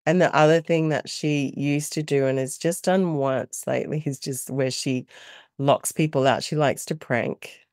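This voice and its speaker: A middle-aged Australian woman, a mother and carer, telling animated stories in a casual interview and laughing often. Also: low-pitched, moderate pace, no echo, studio quality.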